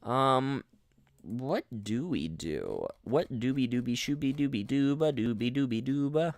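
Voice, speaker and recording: This young streamer speaks in a mid-range, darkish voice, very animated yet a little slow, with no room sound. He rambles chattily over casual gameplay, restarting sentences often and reading out chat messages.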